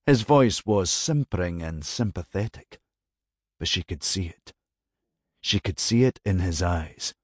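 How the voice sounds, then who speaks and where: A man narrating a dramatic novel as an audiobook, measured and expressive. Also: sits low, slightly rough, no echo, clean studio sound.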